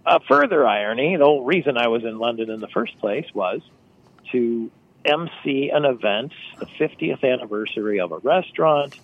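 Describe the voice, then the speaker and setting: A man's voice: mid-range voice, lively intonation, moderate pace. Guy spinning wry travel stories over a muffled phone line on the radio. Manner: storytelling, wry and chatty. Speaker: travel writer. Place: on location outdoors by phone.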